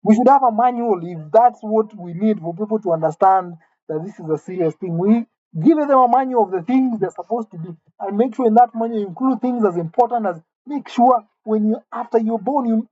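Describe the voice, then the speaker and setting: A woman delivering a mock-serious comic rant, indignant and halting, often repeating her words. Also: a little high, mellow, dry recording, dull audio. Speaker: comedic vlogger.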